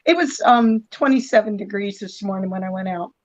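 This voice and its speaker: A woman's voice: mid-range voice, a little fast. A woman guest chatting over a video call in an easygoing way. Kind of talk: casual video-call chat. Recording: dull lo-fi video-call audio.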